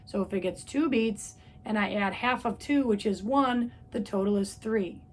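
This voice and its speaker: A woman's voice: mid-range voice, moderate pace. A woman music teacher giving a patient, step-by-step trumpet lesson, counting beats aloud. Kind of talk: instrument lesson video.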